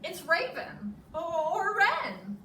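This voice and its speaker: A woman voicing an eager, helpful male badger in a bright, knowing storybook manner. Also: very high voice, huge pitch swings, slow, voice pushed up, exaggerated voice. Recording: echoey room, distant mic, noisy.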